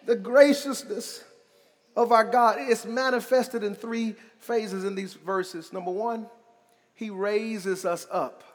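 A pastor delivering a sermon in a church, building to shouted emphasis and dropping into humorous asides. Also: male voice, high-pitched, fairly even intonation, slow pace. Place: church sanctuary. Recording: long reverb of a large hall.

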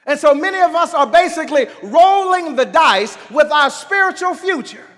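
A man with a very high voice preaches a sermon, rising into shouts and dropping back to near-conversational lows. He keeps calling on the congregation to answer him. His voice rings through a church with a long echo. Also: expressive, moderate pace. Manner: call-and-response preaching, swinging from quiet to shouting. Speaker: pastor.

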